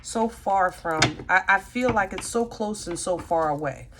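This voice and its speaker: A woman's voice: medium pitch, lively intonation, a little slow, noisy background. A woman giving a casual tarot reading, thinking aloud and talking to her cards as she goes. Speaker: tarot reader.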